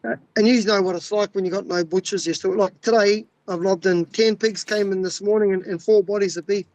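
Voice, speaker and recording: A man's voice: high voice, fairly even intonation, a little fast, a little mellow, no echo, poor audio. An Australian man, a butcher and regular on a podcast, telling laid-back stories in a casual chat, swearing and trailing off as he goes.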